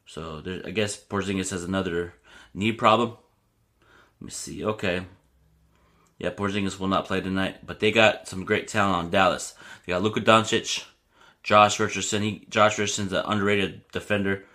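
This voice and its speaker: A young man hosting a sports podcast, talking casually and getting animated as he rants, with lots of "you know what I mean". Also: sits low, normal speed.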